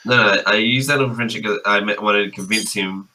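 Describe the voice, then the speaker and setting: Hesitant lower-voiced male player. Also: brisk, pushed and bright, rough recording. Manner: hesitant, playful, full of fillers. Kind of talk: playing a tabletop game.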